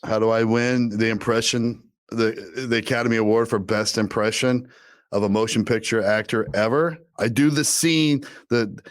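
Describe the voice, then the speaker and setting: A man's voice: fairly low pitch, steady tone, moderate pace, no room sound. Crude joking podcast co-host man. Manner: crude, joking, acts out movie scenes with big emotional swings. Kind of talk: casual comedic chat.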